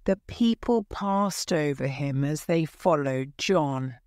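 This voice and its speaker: A woman narrating a graded-reader audiobook in clear, deliberate storytelling. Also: deep voice, darkish tone, no echo, studio quality.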